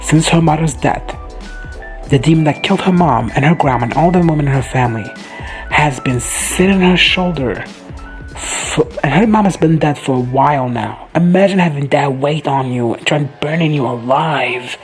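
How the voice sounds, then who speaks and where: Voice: medium pitch, normal speed, soft background music. A host giving a casual, profane reaction recap, gushing and quoting characters in playful asides.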